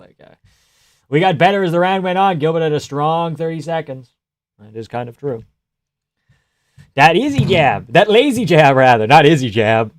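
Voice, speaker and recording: Guy streaming fight reactions, swears a lot, laughs, yells at big punches, dry close mic. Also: a little high, dry recording. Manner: profane, joking, laughs often; reacts loudly to big shots. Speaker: live stream fight commentator. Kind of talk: casual live fight reaction commentary.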